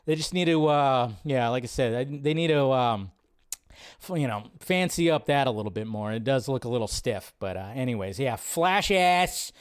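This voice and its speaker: A man hosting a live stream, reacting to a movie trailer in an excitable, rambling way and swearing freely. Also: mid-range voice, moderate pace, clear, resonant tone. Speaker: host. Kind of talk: casual live-stream commentary.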